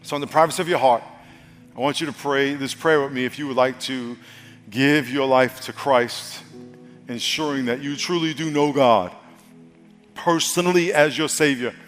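Pastor preaching in an echoing hall. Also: male voice, medium pitch, moderate pace. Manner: conversational, repeats words, chuckles. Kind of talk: sermon with altar call prayer. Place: church sanctuary. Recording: long hall reverb, soft music behind.

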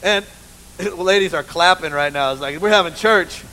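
A man preaching a sermon in church, an animated, humorous storyteller who keeps saying "you know". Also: high voice, normal speed, rough recording. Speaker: pastor. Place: church with a live congregation.

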